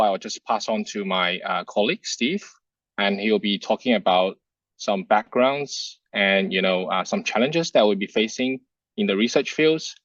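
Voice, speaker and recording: A man's voice: fairly low pitch, a bit bright, no room sound, highs cut off. A young man, a doctoral student, opening an online research presentation in a hesitant way with many fillers. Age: young adult. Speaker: guest speaker, PhD student. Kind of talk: presentation introduction. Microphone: video call.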